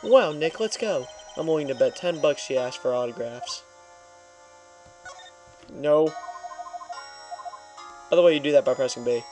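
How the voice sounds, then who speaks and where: A man's voice: medium pitch, unhurried, pauses often, warm tone. Young guy doing lets play commentary, chill and jokey, faint music behind. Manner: joking asides, laid-back. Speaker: let's play host. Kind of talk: casual gaming commentary.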